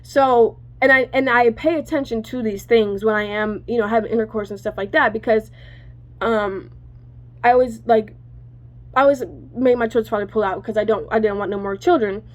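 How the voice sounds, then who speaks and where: A woman's voice: fairly high pitch, fairly even intonation, moderate pace. Rambling woman telling her story, lo-fi. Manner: rambling, self-correcting, cusses freely. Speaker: channel host telling a personal story. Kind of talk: casual storytelling to viewers.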